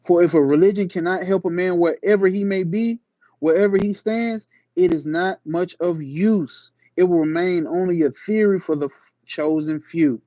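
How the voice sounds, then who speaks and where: A somewhat high-voiced man reads a spiritual text aloud, leaning hard on key phrases and often repeating them. He breaks off into loose, slangy commentary to his listeners. The recording is dry and a little dull. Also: mellow, no room sound. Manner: slangy asides between slow emphatic reading. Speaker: channel host. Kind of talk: reading aloud with casual commentary.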